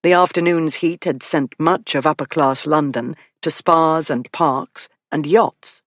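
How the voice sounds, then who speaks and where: An audiobook narrator giving a steady, scripted reading of a historical romance. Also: medium pitch, unhurried, dry recording.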